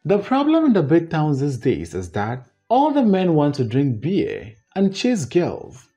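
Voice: mid-range voice, wildly swooping pitch, measured pace, mellow, soft background music. A narrator voicing a skeptical old village man who doubts the stories he hears. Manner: doubting, teasing.

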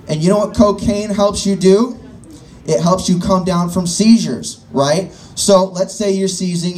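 A man's voice: high-pitched, a little mellow. A man in his late twenties doing a crude, self-mocking stand-up set on a bar stage, talking straight to the crowd. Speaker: stand-up comedian. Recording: distant mic with faint room noise.

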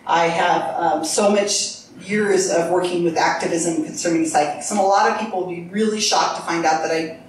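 A woman's voice: on the low side, steady tone, moderate pace, background noise. A woman giving an earnest live talk with slides, speaking to an audience in a lecture room. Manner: earnest, talks to the crowd. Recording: echoey room from far off.

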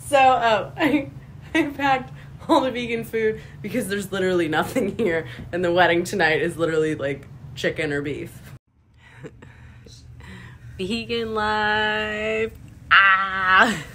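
A woman vlogging casually on a trip, giggly and excitable, laughing often. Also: mid-range voice, moderate pace, a little hiss or hum. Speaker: travel vlogger. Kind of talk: casual vlog chat.

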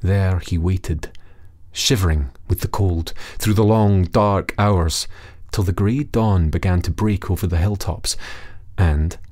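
Guy narrating an old fairy tale, steady measured reading, lowish voice. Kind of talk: storybook narration for listening practice.

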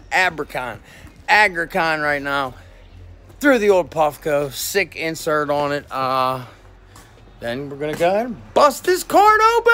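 Male vlogger, loose slangy chatter, cusses nonstop, slow drawl, faint music underneath. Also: mid-range voice. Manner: excitable, swears constantly, slangy. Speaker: cannabis vlogger. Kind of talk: casual profane vlog chat.

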